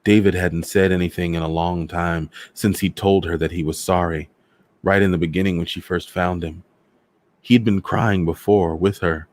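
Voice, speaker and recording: A man hosting a storytime show, reading a novel aloud in a measured, dramatic way. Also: low voice. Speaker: storyteller host.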